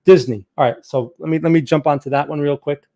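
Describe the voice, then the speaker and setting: A man hosting a trading livestream runs a live Q&A on market charts, answering viewer questions casually and thinking aloud with lots of repeated words. His voice is a little high and dark in tone, and he talks fast.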